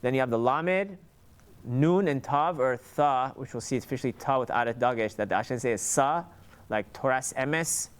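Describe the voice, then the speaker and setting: A man giving an informal lesson on Hebrew letter sounds, sounding them out slowly and often restarting his sentences. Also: mid-range voice. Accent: Sephardic Hebrew pronunciation. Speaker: Hebrew reading teacher.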